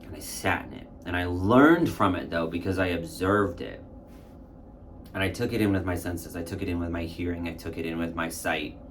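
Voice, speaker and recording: A man's voice: low voice, normal speed, slight background noise. A man casually telling a candid, reflective personal story and acting out his own past thoughts. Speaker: spiritual content creator.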